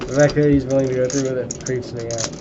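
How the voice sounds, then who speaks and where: A man's voice: mid-range voice, steady tone, quick pace. A man dealing and trading sarcastic jabs with friends at a poker table. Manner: sarcastic, needling teasing. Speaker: poker player and dealer. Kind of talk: casual banter at a poker table. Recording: dull sound with clear room noise.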